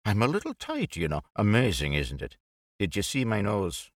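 Male narrator voicing a rambling, tipsy toff for a storybook reading; lively, dry close sound. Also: fairly low pitch, normal speed, dry recording. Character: tipsy, cheerful British gentleman, young man.

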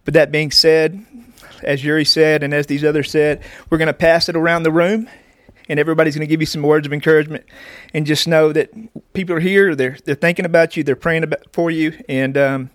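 A man giving an encouraging message, emotional and halting, with many pauses. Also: a little high, no echo, clean studio sound.

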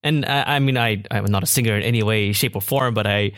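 A man's voice: on the low side, fast talker, fairly bright tone, dry recording, clean studio sound. A man hosting a podcast, thinking aloud with curiosity and some hesitation as he talks with his guest. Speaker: podcast host. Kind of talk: podcast conversation.

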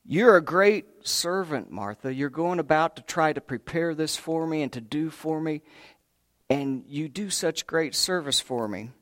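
A preacher voicing a patient, gentle consoler. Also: male voice, on the high side. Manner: soft, slow, calm.

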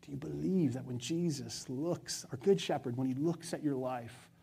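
A male pastor preaching a sermon to his church with passion, his voice swinging from loud, urgent stretches to hushed ones. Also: mid-range voice, normal speed, vocal fry, breathy edge.

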